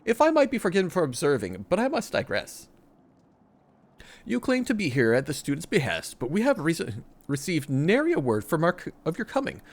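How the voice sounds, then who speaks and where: Male streamer as a worried, formal old scholar; lively intonation, slight stumbles. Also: on the high side, brisk, pitched above the performer's own voice, full character voice. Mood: skeptical. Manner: formal, archaic phrasing, occasional stumbles.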